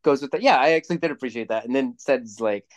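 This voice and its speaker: A young man rambles through movie reviews in casual podcast chat, swearing freely and getting animated as he tells a story. His voice sits at an ordinary middle pitch for a man. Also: fast. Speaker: podcast co-host.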